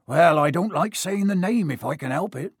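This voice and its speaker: A man voicing a huge, gruff, warm-hearted giant of a man with a rustic dialect, reading from a storybook. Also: a little high, expressive, moderate pace, no room sound, clean studio sound. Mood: worried, confiding.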